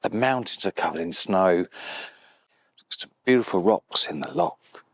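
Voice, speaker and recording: A deep-voiced man out on an open moor, talking his camera through a landscape shot. He sounds quietly delighted and sometimes drops almost to a whisper, close to his mic in the still outdoor air. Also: lively intonation, a little slow. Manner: enthusiastic, softly spoken, at times whispering. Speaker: landscape photographer. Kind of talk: outdoor photography vlog. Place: outdoors beside a loch on a moor.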